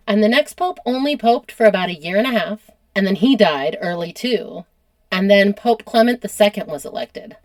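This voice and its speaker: An American woman hosting a casual history podcast, chatty and quick to laugh at herself. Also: lowish voice, animated, no echo. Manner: chatty, laughs often, self-deprecating. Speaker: podcast host.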